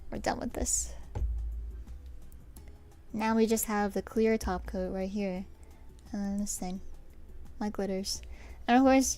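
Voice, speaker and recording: A woman's voice: mid-range voice, fairly even intonation, a little slow, long pauses, dark tone, soft background music. A young woman streaming herself painting her nails, chatting with viewers in a rambling, self-deprecating way. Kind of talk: casual chat while painting nails on stream.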